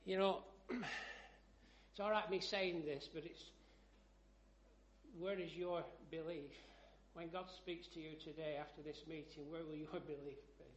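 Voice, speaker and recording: A man preaching a sermon, telling stories and rising to loud, emphatic scripture reading. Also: on the high side, steady tone, unhurried, lo-fi sound, a little hiss or hum.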